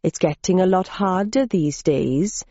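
A man's voice: high voice, measured pace, warm tone, no room sound. A woman voicing a wily Welsh male cheese smuggler who speaks in a sing-song, salesman-like way, on a dull lo-fi recording. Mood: salesy.

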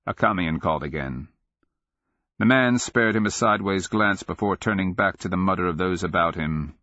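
A man narrating a fantasy audiobook in a measured, grave, steady reading, in a dry and slightly dull studio recording. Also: low voice, no room sound. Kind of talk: scripted narration.

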